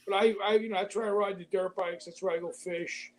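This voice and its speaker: A man's voice: high-pitched, steady tone, brisk, a little mellow, a little hiss or hum, low-quality recording. A man hosting a livestream, from Brooklyn, chatting easily and greeting viewers by name. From Brooklyn, New York. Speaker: livestream host. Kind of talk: casual chat, greeting viewers.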